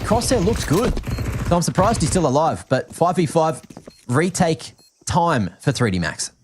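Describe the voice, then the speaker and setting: A man from Australia with an Australian accent, calling a match as an energetic play-by-play esports caster. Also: on the high side, background noise. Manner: energetic, quick reactions, laughs easily. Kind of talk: play-by-play commentary.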